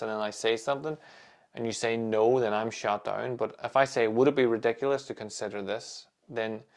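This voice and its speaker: Guy doing a solo podcast, calm and measured, mid-pitched, takes his time with pauses. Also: clean tone. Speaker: podcast host.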